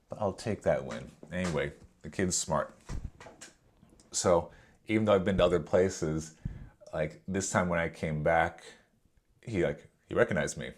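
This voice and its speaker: A man who works as a substitute teacher, telling a classroom story in an animated way, acting out the dialogue and using lots of fillers. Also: deep voice. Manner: animated retelling, acts out dialogue, many fillers. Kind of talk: storytime vlog.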